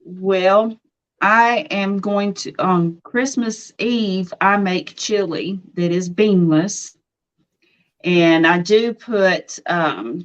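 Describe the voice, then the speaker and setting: A woman's voice: lowish voice, lo-fi sound. A middle-aged woman from Nashville with a Southern drawl, chatting casually and laughing often on a live Q&A. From Nashville, Tennessee. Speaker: co-host of a live Q&A. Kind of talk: casual chat.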